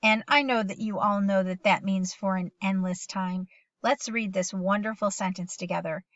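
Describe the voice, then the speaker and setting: A middle-aged woman teaching a phonics lesson to young children at home, patient and encouraging, reading sentences slowly aloud with them. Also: medium pitch, no echo, dull audio.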